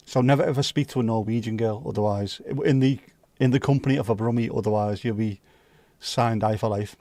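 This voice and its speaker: A man hosting a livestream, chatting casually with viewers and cracking sweary jokes and quick asides. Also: on the low side, dark tone, dry recording. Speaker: livestream host. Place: home livestream setup.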